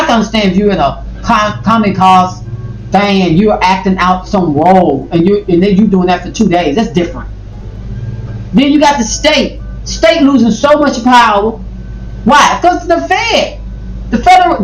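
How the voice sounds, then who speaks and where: A video commentator reacting to a clip, talking in a rambling, emphatic way and repeating phrases. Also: sits high. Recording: roomy, distant mic, faint noise.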